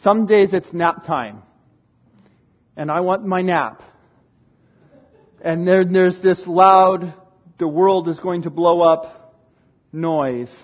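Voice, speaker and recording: A man preaching a sermon, swinging from loud dramatic retelling to hushed emphasis. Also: high-pitched, fairly even intonation, takes it slowly, pauses often, muffled recording. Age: adult parent. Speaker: pastor.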